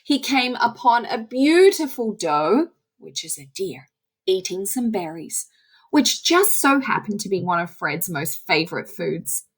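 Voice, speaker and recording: A woman reading a children's story aloud in a slow, expressive storytelling way. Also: mid-range voice, breathy edge.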